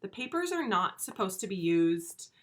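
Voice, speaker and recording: A woman teaching first graders in a recorded video lesson, speaking slowly and clearly, stretching words out and asking patient, encouraging questions. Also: medium pitch, sing-song. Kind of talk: remote video lesson for young children.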